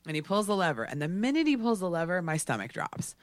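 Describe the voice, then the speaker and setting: A man casually telling a story, animated and full of fillers like "like". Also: a little high, fast talker, few pauses, dry recording. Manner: animated, filler-heavy with frequent "like".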